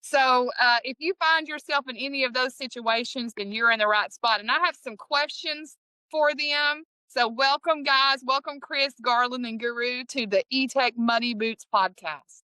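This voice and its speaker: A woman's voice: high-pitched, moderate pace, bright, forceful tone, smooth, dry recording, rough recording. A woman with an East Texas Southern accent hosting a podcast in a folksy, upbeat way, often restarting her sentences. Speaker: podcast host.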